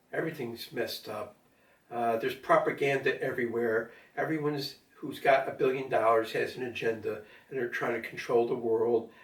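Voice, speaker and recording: An older man talking casually at home in a rambling monologue, with lots of fillers and asides to his cat. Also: medium pitch. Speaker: vlogger. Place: at home during a power outage. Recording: roomy echo, mic at a distance.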